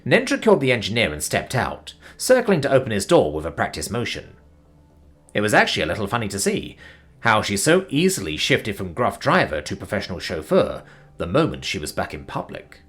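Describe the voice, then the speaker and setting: A man with a low, husky voice reads an audiobook story aloud. His pitch swings widely and expressively from line to line. The delivery is steady narration. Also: a little fast.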